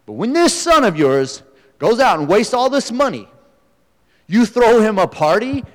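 A man's voice: high voice, very animated, unhurried, pitched above the performer's own voice. A man voicing a resentful, self-righteous older brother who complains indignantly. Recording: echoey hall, long reverb.

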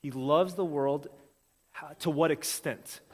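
A pastor with a fairly high, slightly mellow male voice preaches a sermon in a casual, conversational way. He talks straight to his congregation and checks in with them often and quickly. The recording carries a long hall reverb.

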